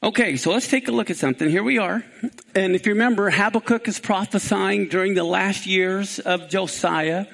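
Man, Kansas accent, Bible teacher, high voice with gravel, animated delivery of verses. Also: normal speed. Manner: animated, rising for emphasis on scripture.

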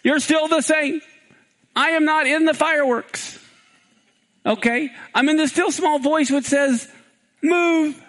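A man's voice: extremely high pitch, takes it slowly, long pauses, a bit bright, voice pushed up, heavily acted, rough recording. A man voicing God as a chiding, urging divine presence in a sermon retelling.

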